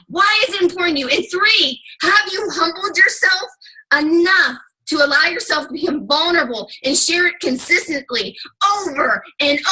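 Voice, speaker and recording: A woman's voice: sits high, pushed and bright, low-quality recording. A woman giving a fired-up motivational talk to her team, emphatic and casually swearing. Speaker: team leader.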